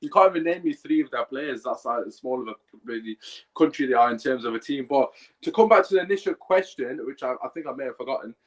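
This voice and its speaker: Young male host, blunt and jokey, mid pitch. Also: expressive, quick pace, rough recording. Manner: blunt, joking, slangy. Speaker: podcast host. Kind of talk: casual podcast chat.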